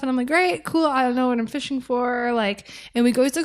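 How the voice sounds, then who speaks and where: A woman guest on a podcast, telling a fishing story in a casual, animated way with many fillers. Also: fairly high pitch, fast talker.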